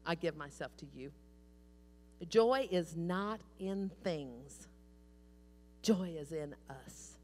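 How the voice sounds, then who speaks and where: A woman preacher giving a sermon in a church, telling stories in an animated, folksy way. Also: lowish voice. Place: church sanctuary. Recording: long church hall reverb.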